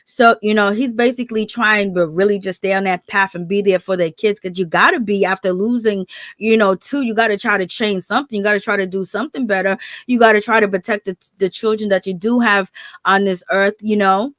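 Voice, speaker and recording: A woman's voice: mid-range voice, steady tone, a little fast, a bit bright, dry recording. A woman hosting a call-in channel, recapping a reality show in a chatty, casual way and talking straight to her viewers. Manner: chatty, with many fillers, speaks straight to viewers. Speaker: host of a call-in commentary channel.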